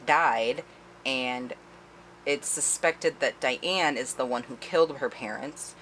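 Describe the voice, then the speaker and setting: Low-voiced woman recapping a book. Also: slow pace, fairly bright tone, slight background noise. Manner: chatty, profane, laughing as she retells. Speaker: book reviewer. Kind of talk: casual spoiler-filled book recap.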